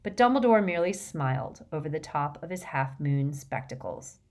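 A woman reading an audiobook with steady, expressive narration. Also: low-pitched, normal speed.

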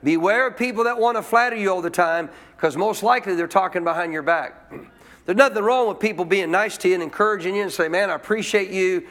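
A man with a notably high voice delivers a church sermon, punching his points with emphasis. He keeps throwing questions at the congregation and repeating key lines for them to take in. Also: quick pace, a bit bright. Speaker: preacher.

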